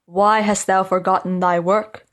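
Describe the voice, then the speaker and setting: A woman's voice: medium pitch, flat delivery, unhurried, lightly acted. A woman voicing a poor old woodcutter father who scolds his son, in a storybook reading. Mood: scolding. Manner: scolding, gruff.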